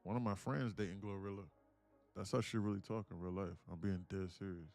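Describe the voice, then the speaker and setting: A man hosting a live trading stream in a fairly low voice. He talks in loose, joking, slangy banter full of quick restarts. Faint music plays under him. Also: fairly even intonation, gravelly, darkish tone. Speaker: day trading livestream host. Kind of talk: casual livestream chat.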